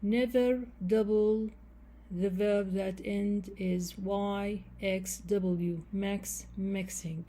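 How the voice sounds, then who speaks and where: A woman's voice: medium pitch, level tone, very slow, few pauses, dark tone. A woman teaching English grammar, spelling out word endings letter by letter and repeating key phrases, with some non-native phrasing. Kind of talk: slow explanation of grammar rules.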